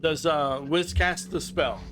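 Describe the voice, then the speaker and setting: Older man game master, a bit high. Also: takes it slowly, soft background music. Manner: relaxed, rambling, chuckling. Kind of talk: running a tabletop game over voice chat. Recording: noisy voice-chat recording.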